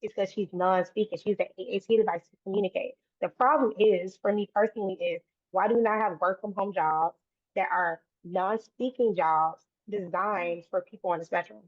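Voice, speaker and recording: A woman's voice: mid-range voice, moderate pace, no echo. Earnest woman on a tinny line. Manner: earnest, run-on sentences with frequent restarts. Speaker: guest, autism advocate. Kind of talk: conversational interview. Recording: dry, tinny phone-like line.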